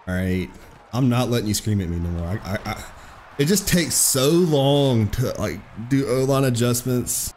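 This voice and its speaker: A young man giving excitable, profane live commentary over his own football video game match, trash-talking his opponent. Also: mid-range voice, normal speed, a little hiss or hum. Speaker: gaming streamer.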